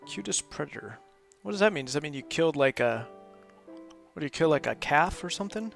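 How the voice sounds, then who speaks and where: Man, game streamer host, chatty and meandering, fry in the voice, soft music under. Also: on the high side, lively intonation, brisk. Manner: rambling, chatty, laughs often. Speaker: host of a live gaming stream. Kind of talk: casual gameplay commentary.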